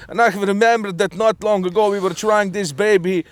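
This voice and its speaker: A man co-hosting a hobby video outdoors in a windy field, talking loudly and enthusiastically, laughing often, on a windscreened mic. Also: sits high, brisk, few pauses, no room sound. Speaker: co-host of an RC hobby channel. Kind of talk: casual outdoor chat to camera. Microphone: mic with furry windscreen.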